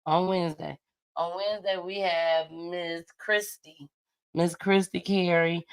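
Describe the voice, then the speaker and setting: Middle-aged woman, low voice, chatty show host, laughs a lot, teasing. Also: unhurried, clear, resonant tone. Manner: laughs often, animated and teasing. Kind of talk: casual chat.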